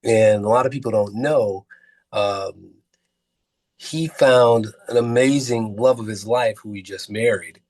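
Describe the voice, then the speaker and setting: Husky-voiced man telling stories. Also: on the low side, a little slow, a little mellow. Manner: earnest, rambling storyteller with frequent fillers. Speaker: film producer and actor, guest. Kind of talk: casual interview storytelling.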